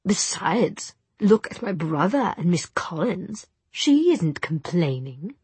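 A woman's voice: fairly low pitch, expressive, slow pace, husky, no echo, exaggerated voice. Woman voicing Gabriel, impatient arrogant young man. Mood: bored. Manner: impatient, bored, spiteful.

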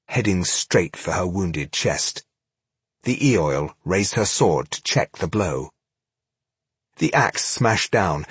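A man narrating a fantasy audiobook in a measured, dramatic way, with a husky voice. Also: sits low, dry recording. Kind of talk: scripted narration.

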